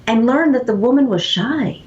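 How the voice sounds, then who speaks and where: A woman being interviewed as an author, telling stories in an animated way and acting out quoted voices. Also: on the high side, moderate pace. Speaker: author and guest. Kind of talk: conversational interview storytelling. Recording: echoey, dull lo-fi sound.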